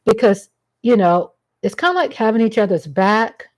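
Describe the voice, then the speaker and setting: This livestream host talks in a slightly high voice with lively intonation at normal speed. She rambles in a casual, chatty monologue and greets viewers by name as she goes.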